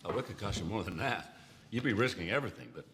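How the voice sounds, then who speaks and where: A man's voice: fairly low pitch, animated, fast. An actor playing a persuasive grown man who coaxes a young heir, heard as a film clip. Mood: coaxing. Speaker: film character. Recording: film clip with loud background noise.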